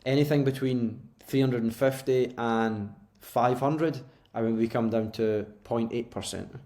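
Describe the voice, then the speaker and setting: Scottish dude cohosting a podcast, chatty, laughs a lot, mid voice. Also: male voice, mid-range voice, fairly even intonation, unhurried, mellow. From Scotland. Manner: laughs easily, loose and chatty. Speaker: podcast co-host. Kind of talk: casual chat.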